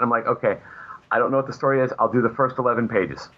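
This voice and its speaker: A man's voice: medium pitch, steady tone, rapid-fire. A man, a comic book artist, telling long anecdotes in a casual interview, with lots of fillers and restarts. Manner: rambling anecdotes with many fillers. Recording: muffled lo-fi audio.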